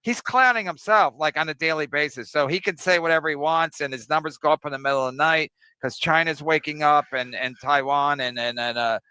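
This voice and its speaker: A man's voice: a little high, fairly quick, hardly any pauses, pushed and bright, clear, resonant tone, no room sound, poor audio. Blunt, rambling man co-hosting a stream. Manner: blunt, rambling with many fillers. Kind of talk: casual live-stream chat.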